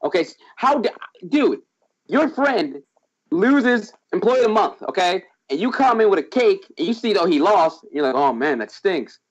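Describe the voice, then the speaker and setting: Man, emphatic mock-serious rant, slightly high voice, dull lo-fi sound. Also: expressive, normal speed. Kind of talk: casual chat.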